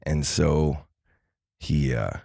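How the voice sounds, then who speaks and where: Man, low deep voice, animated podcast storyteller who acts out his characters, dry close recording. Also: extremely slow, creaky, no room sound. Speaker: podcast guest. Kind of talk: casual storytelling.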